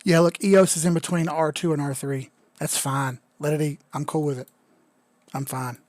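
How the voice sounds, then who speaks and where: A man's voice: a little high, steady tone, normal speed, a little mellow, no room sound. Tipsy, joking man on a live stream. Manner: loose, joking, profane, says he is drunk. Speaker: crypto chart analyst streamer. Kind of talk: casual live-stream commentary.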